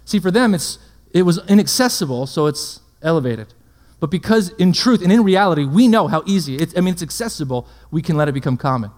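High-voiced preacher in an echoing hall. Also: male voice, animated, brisk, hardly any pauses, a little mellow. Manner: rhetorical questions, checks in with listeners. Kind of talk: sermon. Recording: long hall reverb.

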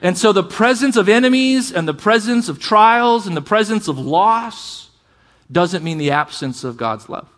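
A pastor with a high voice delivers an impassioned sermon. He mixes fervent preaching with casual asides to the listener. When he reads scripture he slows down and stretches his words for emphasis. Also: animated, fairly bright tone.

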